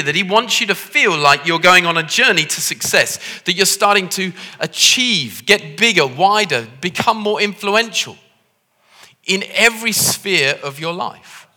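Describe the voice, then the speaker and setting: A man's voice: high-pitched, bright, forceful tone. A man with a Liverpool accent, preaching a jokey, conversational sermon into a handheld microphone in a church. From Liverpool, England. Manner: jokey, self-deprecating, conversational. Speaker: visiting preacher. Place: church hall. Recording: reverberant church hall.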